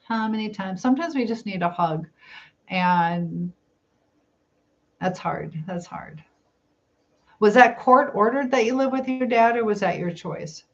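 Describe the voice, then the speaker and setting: Middle-aged woman hosting a casual live stream; soft, reassuring and inquisitive; slightly muffled lo-fi recording. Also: medium pitch, lively intonation, measured pace, long pauses. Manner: gentle, reassuring, asks many questions. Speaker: live chat host. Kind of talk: casual live-stream chat reading comments. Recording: slightly dull lo-fi sound, faint room noise.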